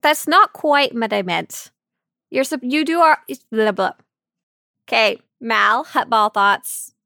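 A woman's voice: on the high side, lively intonation, takes it slowly, creaky, bright, forceful tone, dry recording, studio quality. A woman co-hosting a casual podcast, giggling and tripping over her words. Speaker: podcast co-host.

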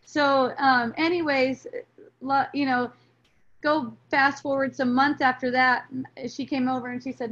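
A woman's voice: sits high, measured pace, fairly bright tone. A middle-aged woman telling a personal story in a reflective spiritual talk, rambling with lots of fillers and restarts. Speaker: spiritual podcast guest. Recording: dull lo-fi recording.

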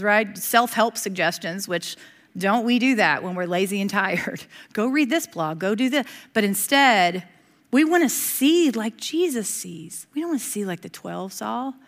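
A middle-aged woman preaching a sermon in a conversational, lively way, with a lot of asides and quick laughs. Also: on the high side.

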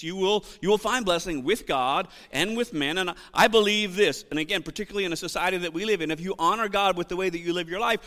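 A male pastor preaching a sermon to his congregation, reading scripture loudly and asking the room questions. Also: sits high. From United States. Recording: long reverb of a church hall.

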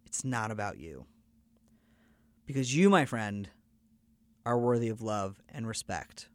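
A man's voice: on the low side, expressive, measured pace, no room sound. Earnest man hosting a storytelling podcast. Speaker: podcast host.

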